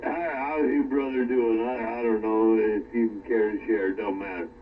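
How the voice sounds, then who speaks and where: A man chatting casually from his workshop, rambling and halting with plenty of fillers. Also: fairly low pitch, fairly even intonation. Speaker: radio chat participant. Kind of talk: casual chat. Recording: distant, phone-like radio with faint noise.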